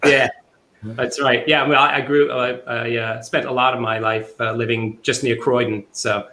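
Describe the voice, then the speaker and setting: A man's voice: mid-range voice, level tone, moderate pace, pushed and bright. A male co-host of a talk show, talking in an easygoing way. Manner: easygoing, laughing. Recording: roomy echo, faint noise.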